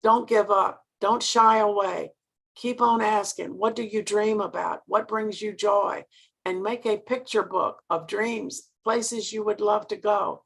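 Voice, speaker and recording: An older woman gives an earnest motivational talk and keeps putting questions straight to her listeners. Her voice is gravelly and a little husky, with a preacherly cadence. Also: medium pitch, steady tone, a little slow, fairly bright tone. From Mississippi, US. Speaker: sales director giving a training talk.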